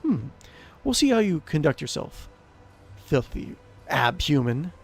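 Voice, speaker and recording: A man's voice: a little high, very animated, a little slow, vocal fry, breathy edge, soft background music, full character voice. A man voicing a vengeful ghostly noblewoman aunt, reading her lines with cold scorn and mockery. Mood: mocking. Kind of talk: reading game dialogue aloud.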